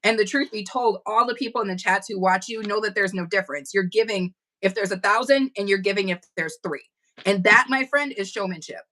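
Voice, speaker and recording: Brisk and sharp-toned, this medium-pitched woman is running a laid-back livestream chat from home. Her delivery is blunt and forceful, and she swears without holding back.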